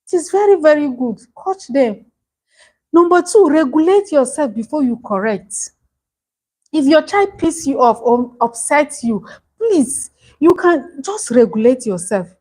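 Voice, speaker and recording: A woman's voice: high-pitched, big pitch swings, a little slow, darkish tone, poor audio. A middle-aged woman teaching a parenting masterclass, earnest and pleading, often repeating her key points. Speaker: parenting coach.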